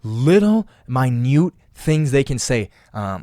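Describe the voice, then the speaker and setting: A man's voice: medium pitch, lively intonation, a little fast, dry recording, studio quality. Impassioned young man hosting a podcast. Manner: impassioned, emphatic, repeats phrases. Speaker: podcast host. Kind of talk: casual motivational podcast monologue.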